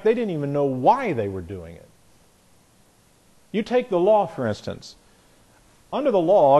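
A man's voice: on the high side, mellow. A middle-aged man teaching an informal Bible class, earnest and conversational, often restarting his sentences.

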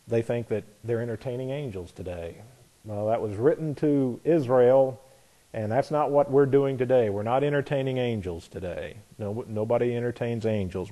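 A man preaching a sermon to his assembly. He has a mid-pitched voice and a conversational, teaching manner, with frequent restarts. He stops now and then to spell words out slowly, letter by letter. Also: dark tone. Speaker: pastor.

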